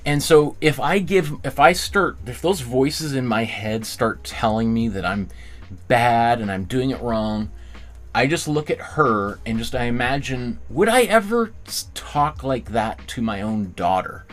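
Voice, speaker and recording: A man teaching a relaxed live drawing class, chatting as he goes and often circling back to restart a thought. His mid-pitched voice swoops up and down with lively energy and jumps high whenever he acts out someone else's words. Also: measured pace. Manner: casual, rambling, encouraging, restarts phrases often. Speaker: art teacher.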